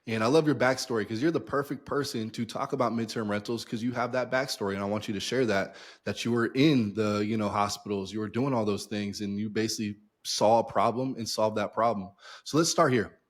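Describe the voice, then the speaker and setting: A man's voice: fairly low pitch, steady tone, brisk, few pauses. A man who hosts a podcast, chatting in an upbeat, joking way and hyping up his guest. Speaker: podcast host. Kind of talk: casual interview chat.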